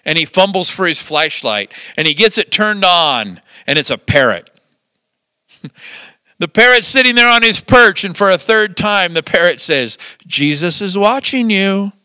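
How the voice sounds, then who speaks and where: An older man preaching with a high, bright, forceful voice that rises and falls a great deal. He tells lively stories with chuckles along the way. The sound is close and dry. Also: normal speed, clean tone, dry recording. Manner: lively storytelling with chuckles and acted-out quotes. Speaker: pastor. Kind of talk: sermon.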